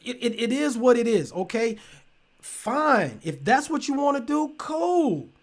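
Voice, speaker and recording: A man's voice: very high-pitched, big pitch swings, measured pace. A man hosting a show, ranting heatedly and with heavy profanity in casual commentary. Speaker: show host.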